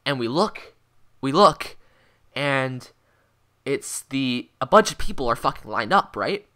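A teenage boy in his mid-teens telling a rambling, excitable story in a casual vlog, swearing constantly and filling gaps with "like" and "um". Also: mid-range voice. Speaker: vlogger.

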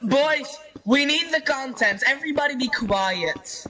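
A man's voice: very high-pitched, animated, measured pace, pushed and bright, slight background noise, poor audio. A young man in a casual gaming chat, eager and bossy with his friends.

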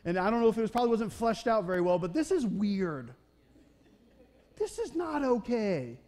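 A male pastor preaching a conversational sermon, often checking in with the congregation with a quick "okay?" or "right?". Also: high voice, sing-song, a little mellow. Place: church.

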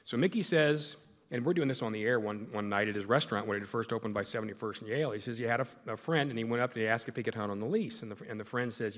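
A man's voice: mid-range voice, very fast, fairly bright tone. A middle-aged male sportscaster giving a folksy, joking speech to a club in a large meeting hall. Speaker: sportscaster and guest speaker. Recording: echoey hall with long reverb.

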